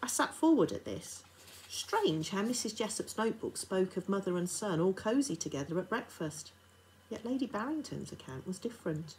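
Reading a children's novel to her class a little fast, a teacher narrates in a steady, expressive way, her voice low for a woman. The recording is low-quality, and a faint background hiss sits beneath her.

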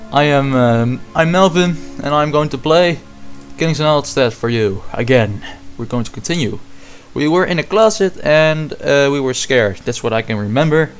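A young man hosting a horror game let's play, yelping and swearing at scares, then dropping to a hush. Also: medium pitch, expressive, moderate pace, soft background music. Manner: jumpy, yelps and swears at scares, then hushes.

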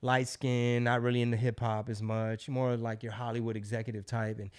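A man's voice: medium pitch, a little fast, clear, resonant tone. A middle-aged man hosting a podcast, telling a long story in a loose, profane, casual way. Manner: loose, profane, animated storyteller who acts out quotes. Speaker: podcast host.

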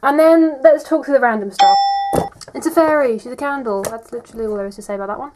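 A woman's voice: on the high side, quick pace, very noisy. A young woman gives a casual, rambling bookshelf tour vlog, often saying "like" and "um". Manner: chatty and rambling, says "like" and "um" often. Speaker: vlogger.

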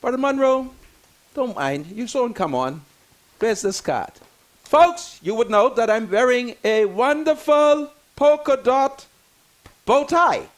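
A man's voice: very high-pitched, expressive, slow pace. A man, hosting a talk show and ranting theatrically about politics. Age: 60s. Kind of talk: fiery political rant on talk radio.

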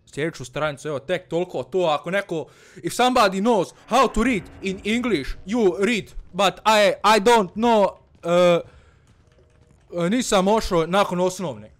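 A man with a high-pitched voice narrates a horror game as a comedic persona. He slips between halting English and his own language, swearing and muttering under his breath. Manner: broken English mixed with Bosnian, frequent swearing, nervous muttering. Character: fearless-boasting Balkan village man persona. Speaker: gaming channel host. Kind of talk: comedic let's-play commentary.

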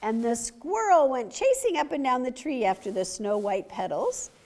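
At story time, a woman reads a picture book aloud to children, animated and pausing to ask them questions. Her voice sits high and her pace is moderate.

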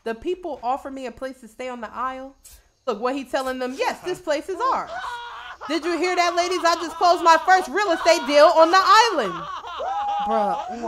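Brash high-voiced young woman gamer. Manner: brash, profane, shouts at the game. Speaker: gaming video host. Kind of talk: casual let's-play commentary.

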